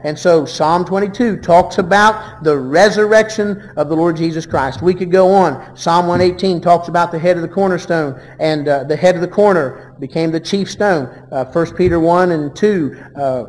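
A man preaching a sermon, reading verses aloud and swinging between loud and hushed delivery. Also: high-pitched, moderate pace, few pauses, long reverb tail.

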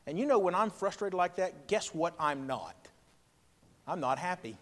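A man, a pastor preaching a sermon with emphatic swings between loud and quiet. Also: high-pitched, lively intonation, moderate pace. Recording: long reverb of a hall.

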